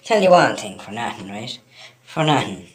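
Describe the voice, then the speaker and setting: An Irish man in full rant, swearing freely and hammering the same point again and again. His pitch leaps and drops all over the place as he talks straight to the lads watching. It is an animated, heated monologue. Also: moderate pace. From Ireland. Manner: heated, profane ranting, repeats himself, addresses listeners as lads. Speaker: vlogger. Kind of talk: ranting monologue to camera.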